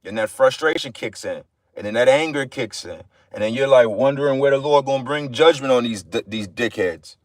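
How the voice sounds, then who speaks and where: A man's voice: medium pitch, a little fast, no echo. A man giving an informal livestream sermon, blunt and profane, repeating phrases for emphasis. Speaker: livestream preacher.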